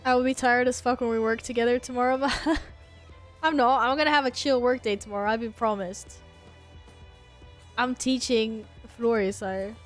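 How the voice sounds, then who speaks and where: A woman's voice: a little high, fairly even intonation, moderate pace, soft background music. A woman streamer in casual chat, swearing, laughing and reading chat messages aloud.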